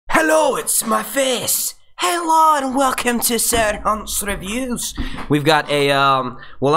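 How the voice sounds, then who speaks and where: A young man hosts his live stream in a loose, rambling way, swearing freely and cracking up at his own slips. His voice sits at a middle pitch but bounces up and down with lots of lively movement. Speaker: YouTube host. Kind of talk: casual live-stream chat.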